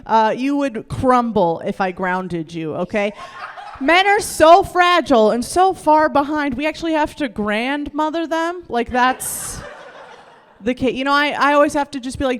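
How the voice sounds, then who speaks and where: A woman's voice: high voice, expressive, measured pace, a bit bright, long reverb tail. A woman doing stand-up on a club stage, crude and candid, laughing at herself often. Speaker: stand-up comedian. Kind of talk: stand-up comedy set.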